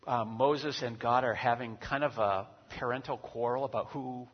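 A man pastor preaching a sermon, animated and acting out quoted voices with big swings in loudness. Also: medium pitch, moderate pace, husky. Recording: dull recording with long hall reverb.

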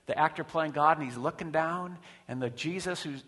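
A man's voice: fairly high pitch, moderate pace, fairly bright tone. A man preaching a sermon in a conversational way, with rhetorical questions and frequent restarts. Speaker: pastor. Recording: long hall reverb.

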